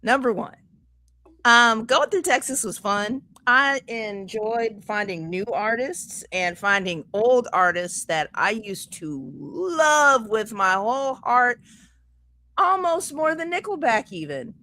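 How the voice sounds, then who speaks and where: A woman's voice: a little high, lively intonation, bright, forceful tone, no room sound. A woman from Kansas with a Kansas accent, co-hosting a casual podcast chat and often laughing. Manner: giggly, playful, drawn-out words. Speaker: podcast co-host.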